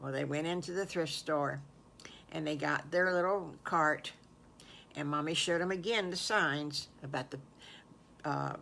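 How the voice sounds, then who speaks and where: An older woman, a grandmother, makes up a children's story as she goes, warm and folksy and full of exclamations. Her voice is fairly low in pitch.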